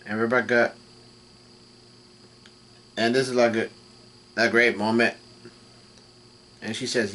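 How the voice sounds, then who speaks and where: Guy recapping a manga chapter, stops and restarts a lot, reads the lines out flat, normal pitch. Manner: halting, reads out dialogue in an even voice. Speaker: manga reaction host. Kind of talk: retelling a comic chapter.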